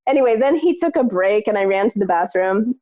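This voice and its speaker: A woman co-hosting a podcast, telling a personal story in casual chat, lively and peppered with "like", acting out what others said. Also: medium pitch, fairly quick, dull audio. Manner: animated, acts out other people's lines in the story; frequent filler "like". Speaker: podcast co-host.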